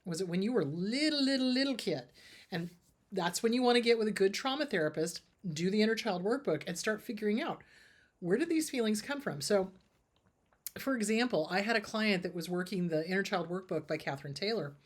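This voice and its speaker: A middle-aged woman therapist answering viewer questions in a casual, animated way, acting out the dialogue she quotes. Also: medium pitch, fairly quick. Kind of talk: casual advice talk.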